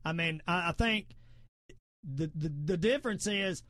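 A man's voice: sits high, a little slow, a bit bright, no room sound, studio quality. A middle-aged man with a Southern accent, hosting a talk show in a fervent, preachy way, repeating his points and quoting scripture. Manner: repetitive, emphatic, quotes scripture. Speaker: podcast host.

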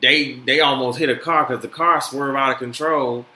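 A man hosting a casual solo podcast, animated and swearing freely with many fillers. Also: mid-range voice, moderate pace. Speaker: podcast host. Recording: echoey room, faint noise.

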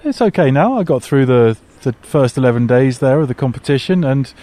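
A man who works as a sports commentator, chatting outdoors at a tennis venue with a dry, measured humor. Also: mid-range voice, expressive, warm tone. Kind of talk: casual chat interview.

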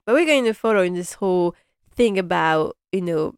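A young woman hosts a casual recap chat, rambling and animated, with lots of fillers as she gushes about the episode. Her voice sits fairly low. The recording is dry and close, with no room echo. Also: moderate pace, smooth. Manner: chatty and rambling, many "like" and "you know" fillers; gushing and animated. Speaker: host recapping a TV drama.

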